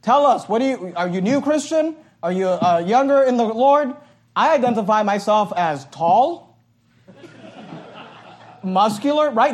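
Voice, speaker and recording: A male pastor preaching a sermon in an animated, joking way, at times shouting. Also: sits high, a little slow, long pauses.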